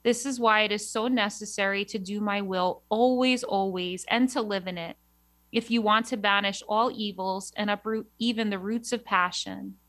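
Religious sister from New York, dry sound. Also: female voice, medium pitch, steady tone, moderate pace, a bit bright, no room sound. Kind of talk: devotional reading and chat.

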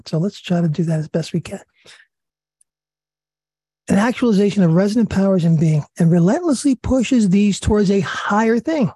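Raspy-voiced man leading a religious study. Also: high-pitched, warm tone, no echo. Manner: earnest, repeats himself, pauses with fillers. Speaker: study group leader. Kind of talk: religious study talk, reading and commenting.

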